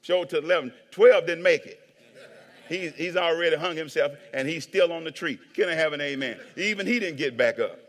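A man preaching a sermon as pastor, animated, acting out voices and swinging between hushed asides and shouts. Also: on the high side, a little fast. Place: church hall with long reverb. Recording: reverberant hall.

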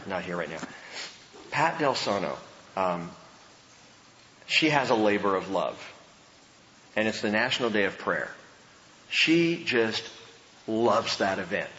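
A man's voice: on the low side, very animated, unhurried, pauses often, sharp tone, slight background noise. A male pastor preaching a sermon in a church, conversational and emphatic, with casual asides to the congregation. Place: church sanctuary. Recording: echoey hall, dull lo-fi sound.

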